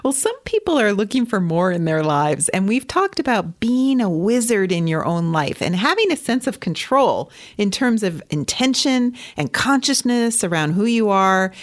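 A woman co-hosting a podcast in relaxed chat. Her pitch moves a lot as she talks, and she laughs often between points. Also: moderate pace, hardly any pauses. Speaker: podcast co-host.

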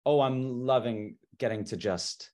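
A man's voice: mid-range voice, darkish tone. Guy actor on a podcast, kinda rambly, lots of ums and restarts. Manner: halting, lots of restarts and laughs. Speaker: actor guest. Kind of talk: casual interview chat.

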